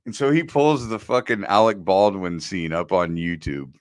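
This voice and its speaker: A man's voice: deep voice, expressive, normal speed, no echo. A man in his forties co-hosting a podcast, telling candid, profane stories in casual chat. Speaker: podcast co-host.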